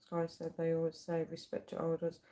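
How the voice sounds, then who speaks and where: A woman's voice: low-pitched, completely flat delivery, brisk, dark tone. A woman on a casual livestream, chatting, giggling and reading viewers' comments aloud. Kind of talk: casual live-stream chat. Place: at home late at night.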